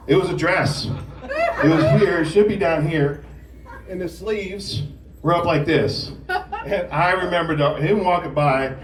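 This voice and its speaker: Storytelling comedian in a roomy club. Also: male voice, high voice, distant mic. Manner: storytelling, acts out shouting drill instructors. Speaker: stand-up comedian. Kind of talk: stand-up set at an open mic. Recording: roomy club sound from off mic with loud crowd laughter. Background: audience laughing.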